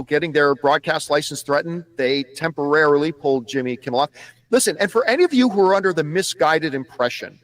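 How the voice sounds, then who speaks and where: A man's voice: fairly high pitch, fairly bright tone, no room sound. A man commenting on the news in a played clip, emphatic and repeating phrases for stress.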